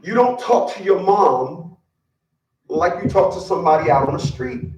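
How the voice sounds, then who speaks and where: Dude ranting blunt and cocky, lots of swearing, kinda far from the mic in a roomy space. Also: male voice, sits high, lively intonation, moderate pace, a little mellow, a little hiss or hum. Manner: blunt, boastful, profane, repeats words when worked up. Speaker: vlogger giving relationship advice. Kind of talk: casual ranting monologue.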